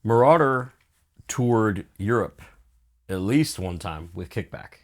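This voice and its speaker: A man co-hosting a podcast speaks in a lowish voice. He asks relaxed questions like a fan and fills in with short agreeing noises. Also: slow pace. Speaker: podcast co-host. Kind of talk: casual chat.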